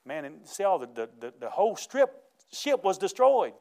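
A man delivers a sermon in a folksy, animated way. His voice sits a bit high for a man, and he breaks into laughter between his points. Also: normal speed, vocal fry. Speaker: pastor.

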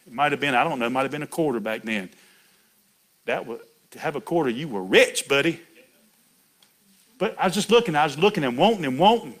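A man's voice: on the high side, expressive, brisk, pauses often, a bit bright. A middle-aged man preaching a folksy sermon, chatty and laughing, calling out to people in the pews by name.

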